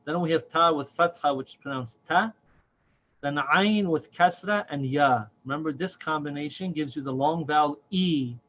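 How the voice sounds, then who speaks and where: A man teaching a reading lesson step by step, patient and deliberate, drawing out each syllable slowly. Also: on the high side, fairly bright tone. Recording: slightly dull audio with faint noise.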